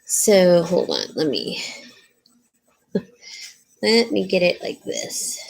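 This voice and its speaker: Slow-talking woman hosting a jewelry sale. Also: huge pitch swings, creaky, a little mellow. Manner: chatty, reads and answers viewer comments; coos in a high baby voice to her dog. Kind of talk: casual live-stream sales chat.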